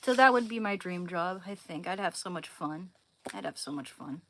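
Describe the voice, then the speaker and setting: A young woman chatting casually on a livestream at home, giggling and trailing off into soft whispers as she talks to viewers. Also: on the low side, expressive, moderate pace. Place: home room, indoors.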